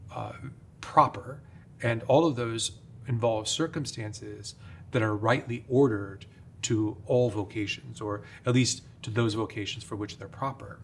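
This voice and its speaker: A man's voice: fairly low pitch, slight background noise. A middle-aged man from upstate New York, a priest, explaining carefully in a podcast interview with frequent "uh" fillers. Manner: measured, careful, many "uh" fillers. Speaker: priest, guest.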